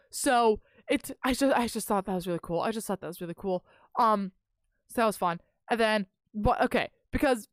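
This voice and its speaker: A woman's voice: on the high side, dry recording. A young woman streamer casually telling a rambling, self-interrupting story to her live chat, dramatizing her own reactions.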